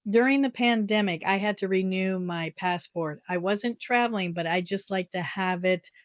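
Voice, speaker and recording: A middle-aged woman from the United States tells a story to the camera in a casual vlog, animated and exasperated, laughing often. Her voice sits at an ordinary pitch and sounds close and dry, with almost no room echo. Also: normal speed. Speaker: vlogger. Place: her home in Japan.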